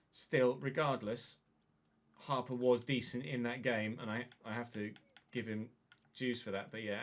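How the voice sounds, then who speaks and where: A man commenting casually on his own football video game career, chatty and excitable, with mild swearing. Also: mid-range voice. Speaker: gaming YouTuber.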